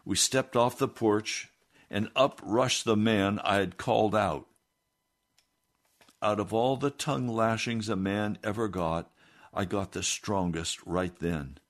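Man, low voice, earnest first-person story reading. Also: slow pace. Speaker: narrator.

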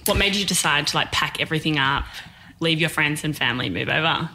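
A woman hosting a podcast, asking her guest quick, curious questions. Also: deep voice, bright, forceful tone. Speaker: podcast host, interviewer. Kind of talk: interview questions.

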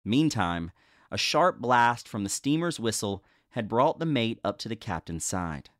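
A male host giving a dramatic reading of an old ghost story in a measured, expressive storytelling manner. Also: on the low side, no echo, studio quality.

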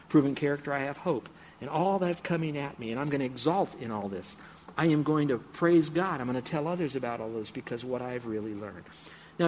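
A man preaching a sermon, talking straight to his congregation in a conversational way, now and then getting excited and acting out a game show host. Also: medium pitch, slight background noise. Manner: animated, bursts into excited game-show mimicry; conversational, addresses congregation directly.

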